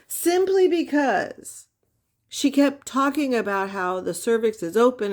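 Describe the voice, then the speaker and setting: A woman's voice: on the high side, expressive, slow pace, a little mellow. A woman giving casual explanatory commentary, wry and teasing, often asking rhetorical questions.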